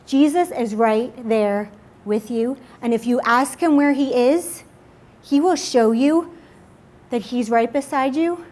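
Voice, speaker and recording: A woman's voice: on the high side, darkish tone. Earnest young woman giving a testimony. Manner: earnest and confessional, many fillers like "like". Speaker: speaker at a church midweek service. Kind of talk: personal testimony sermon.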